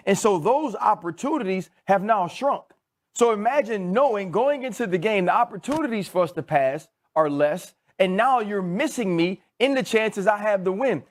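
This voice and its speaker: A man giving a measured, explanatory football analysis on a sports debate show. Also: high voice.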